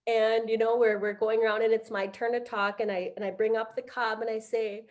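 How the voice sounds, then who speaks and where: A middle-aged woman on a video call, telling a heartfelt personal story on a panel, halting with many fillers. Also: on the high side, little pitch movement, a little mellow, lo-fi sound. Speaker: conference panelist.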